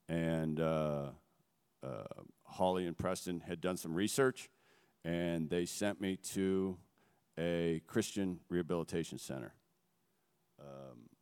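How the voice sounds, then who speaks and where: A middle-aged man with a low, smooth, resonant voice tells his story in an earnest, halting way. His words ring out through a big hall, trailing a long echo behind them. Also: fairly even intonation, a little mellow. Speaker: guest speaker. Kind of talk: personal testimony. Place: on a stage before a gathering.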